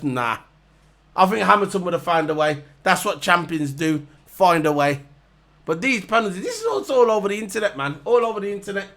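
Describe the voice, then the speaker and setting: A man, voice pitched high and bright, launches into a casual rant to camera. He sounds heated and mocking, hammering the same points again and again. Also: a little fast. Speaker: vlogger reviewing races. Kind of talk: ranting casual monologue to camera.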